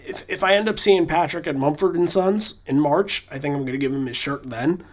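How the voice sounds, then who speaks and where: A man's voice: a little high, fairly quick. Rambling male podcast co-host, casual chat. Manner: rambling, loose, with many fillers and restarts. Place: lives in New England.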